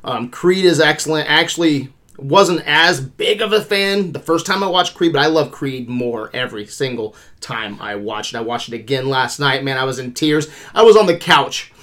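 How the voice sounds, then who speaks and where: A man in his thirties hosting a casual movie review podcast, animated, swearing casually and laughing often. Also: medium pitch, moderate pace. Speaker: podcast host.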